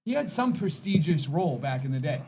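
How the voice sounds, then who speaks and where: A man in casual podcast chat, excitable and slangy, who keeps asking whether you get what he's saying. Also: on the high side, brisk, creaky, a little hiss or hum.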